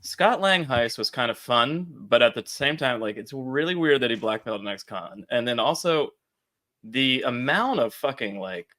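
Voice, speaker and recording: A man co-hosting a casual podcast chat. His pitch swings widely as he laughs and acts out quoted dialogue. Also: normal speed. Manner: animated, laughs often, acts out quoted lines. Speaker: podcast co-host.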